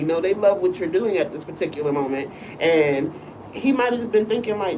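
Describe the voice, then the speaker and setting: A woman's voice: lowish voice, animated, normal speed, noisy background. A woman co-hosting a casual live-stream chat, talking loosely and often asking "you know what I'm saying". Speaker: co-host and school teacher. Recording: voice a bit far from the mic.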